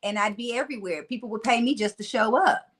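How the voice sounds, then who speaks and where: A woman in her forties with a Southern country twang, a motivational speaker telling stories in a casual interview, animated and laughing often. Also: a little high, quick pace, husky.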